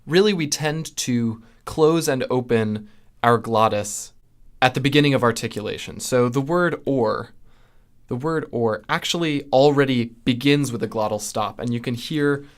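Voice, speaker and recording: A young man with a General American accent, explaining speech sounds in a measured, teaching way, with fillers and restarts. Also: medium pitch. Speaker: linguistics video host. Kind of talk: explanatory lesson.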